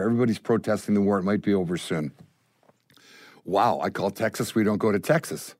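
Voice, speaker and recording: An older Canadian man, a guest musician, telling stories in an animated way and acting out the voices of the people in them. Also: on the low side, a little fast, no echo. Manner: acts out voices in his stories. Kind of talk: animated storytelling.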